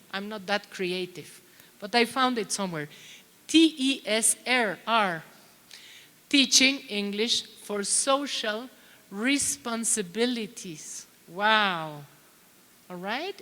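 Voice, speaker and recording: A middle-aged plenary speaker addresses a conference of teachers, keeping things chatty and asking the audience questions. Her voice is medium-pitched with a sharp tone, heard through a long hall reverb.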